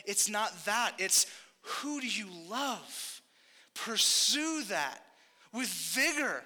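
A young man delivers a sermon in a loose, conversational style, correcting himself and tossing in jokey asides. His voice sits high and rings very bright. It carries the long reverb of a church hall. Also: expressive, a little slow. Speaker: pastor.

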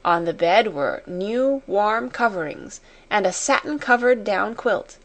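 A woman reads a classic storybook aloud at a slow, careful pace. Her voice sits in a middle range, and her reading stays measured and unhurried. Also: medium pitch, lively intonation. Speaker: audiobook narrator. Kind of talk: scripted storybook narration.

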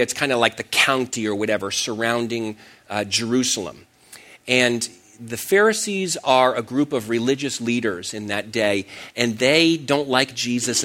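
A man's voice: mid-range voice, fairly bright tone. A middle-aged man preaching a sermon, telling a personal story in a self-deprecating way with frequent restarts. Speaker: pastor.

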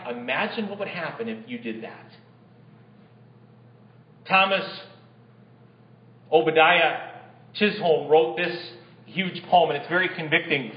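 A male pastor delivers a sermon in a high, light voice. His words carry through a roomy space, and the recording sounds a little dull. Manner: preaching, reads a hymn aloud with swelling emphasis.

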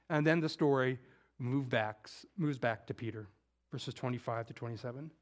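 A man delivers a conversational sermon, acting out scripture quotes and shifting from loud emphasis to hushed, intimate moments. He talks casually and drops in some slang. His voice is mid-range and his pace moderate.

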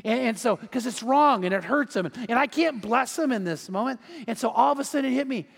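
A man's voice: very high-pitched, fairly quick, gravelly, a bit bright. A middle-aged male pastor preaching a sermon in a conversational way, acting out quotes and family stories. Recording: long hall reverb.

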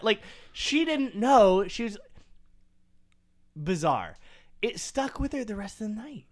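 A man with an Iowa accent co-hosting a podcast, telling a story in a rambling, animated way with many fillers. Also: high-pitched, normal speed. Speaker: podcast co-host. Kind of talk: casual storytelling chat.

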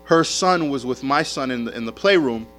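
A man preaching a sermon as a pastor, telling stories in an animated way with casual slang. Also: mid-range voice, moderate pace, faint music behind.

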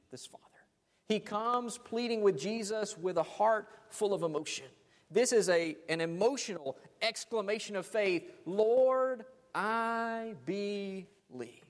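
A man preaching a sermon, dramatic, letting his phrases fade off almost to silence. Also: fairly high pitch. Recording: long hall reverb.

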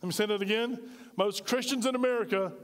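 A man's voice: high voice, quick pace, long reverb tail. A male pastor preaching a sermon, firing off emphatic rhetorical questions.

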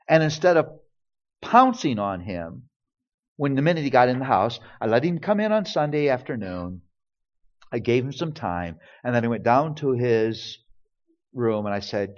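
A man's voice: mid-range voice, darkish tone. Man, sermon-style storyteller, earnest, a bit muffled recording. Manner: earnest storytelling, acts out quoted dialogue. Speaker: pastor speaking on parenting. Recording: dull lo-fi recording.

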